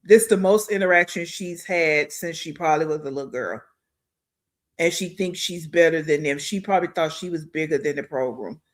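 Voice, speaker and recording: A man's voice: a little high, normal speed. A man giving blunt, scornful commentary as host of a reaction video.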